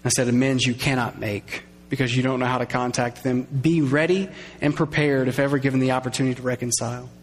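A man preaching a sermon, conversational and lively, acting out little quoted voices and drawing in his congregation. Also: medium pitch, fast talker, a little hiss or hum. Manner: conversational, acts out quoted voices, engages audience. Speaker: pastor. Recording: long reverb of a large hall.

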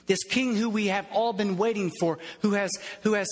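A husky, fairly high-pitched man preaches with earnest repetition. His voice rings out with a long reverb through a church hall. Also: fairly even intonation, normal speed. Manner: earnest, repeats phrases for emphasis. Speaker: pastor. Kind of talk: sermon.

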